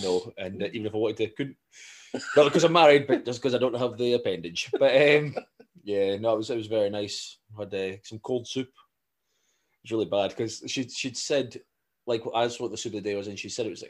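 A Scottish man in his thirties, co-hosting a podcast as a casual chat, telling animated stories with frequent laughing and swearing. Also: lowish voice, a little fast. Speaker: podcast co-host.

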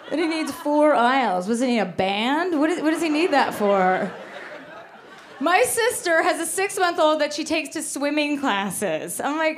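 Brash high-voiced woman doing stand-up. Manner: brash, sarcastic, profane ranting. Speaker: stand-up comedian. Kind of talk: stand-up comedy set. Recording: live club set with audience. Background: audience laughter.

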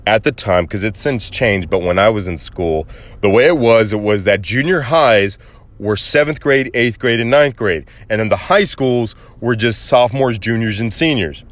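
A young podcast host from Arizona, USA, tells a casual story, swearing freely and acting out the people in it. His delivery is animated, and his voice is on the low side at a moderate pace.

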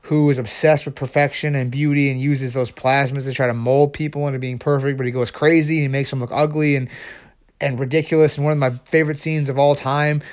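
A young man in a casual vlog, excitedly rambling about video games, with many restarts and fillers. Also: medium pitch, a little fast. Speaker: video creator.

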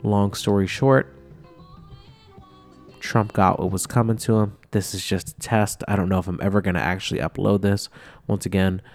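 A man's voice: fairly low pitch, steady tone, normal speed, no echo, faint music behind. A drunk man telling a rambling, profane story to his camera, mocking himself as he goes. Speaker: vlogger.

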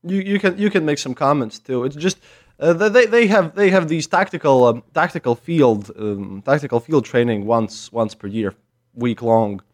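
A man chatting as a podcast guest over a voice call, halting and full of restarts, with a joking tone. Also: medium pitch, expressive. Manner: halting, restarts often, jokey. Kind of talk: casual chat over a call.

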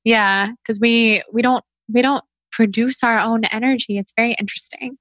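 Effusive woman podcast host with a higher voice. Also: fairly even intonation, moderate pace, a bit bright, no echo. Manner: effusive, gushing praise. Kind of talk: casual interview chat.

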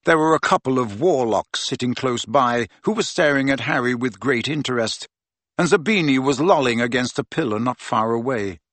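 A man narrating an audiobook in an expressive reading voice. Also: medium pitch, normal speed, no room sound. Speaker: audiobook reader.

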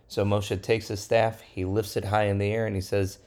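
A man, a rabbi, retelling a Bible story for children in a lively, playful way. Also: lowish voice, measured pace. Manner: lively storyteller, plays characters in quotes.

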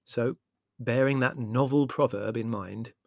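A man reading a novel aloud as audiobook narration, wry and lively. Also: medium pitch, a little slow, gravelly, dry recording, clean studio sound. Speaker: audiobook reader. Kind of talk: scripted narration.

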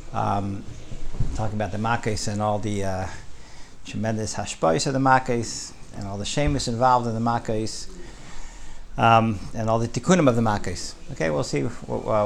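A man's voice: fairly low pitch, vocal fry, slight background noise. A man teaching a Torah class, telling a story and pressing points with frequent "right?". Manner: animated, rising with emphasis, frequent "right?".

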